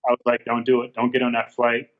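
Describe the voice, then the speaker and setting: A man's voice: mid-range voice, completely flat delivery, quick pace. A man guest in a casual interview, retelling phone conversations with quoted back-and-forth lines, speaking over a remote call from a garage. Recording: dull, lo-fi call audio.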